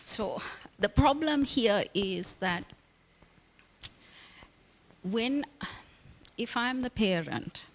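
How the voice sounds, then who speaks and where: A woman's voice: a little high, lively intonation, drawn-out words, long pauses. A woman counselor giving an emphatic interview answer who keeps asking "right?". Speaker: guest, counselor. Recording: long reverb.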